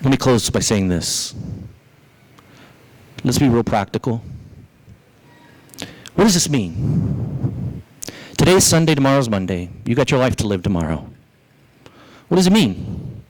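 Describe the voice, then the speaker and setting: A man pastor preaching a sermon in a church, asking rhetorical questions, with his voice leaping up in pitch as he drives his points home. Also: very animated, a little slow, long pauses, darkish tone, rough recording.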